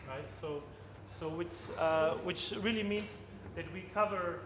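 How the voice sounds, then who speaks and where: A man giving a conference presentation, halting, with frequent restarts and tag questions. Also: fairly high pitch. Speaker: conference speaker. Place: conference hall. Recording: long hall reverb, faint noise.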